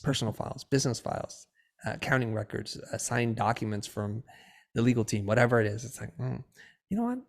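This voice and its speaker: Middle-aged male guest, animated storyteller acting out dialogue. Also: fairly low pitch, quick pace, creaky. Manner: lively storyteller who acts out quoted dialogue. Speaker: podcast guest, designer and educator.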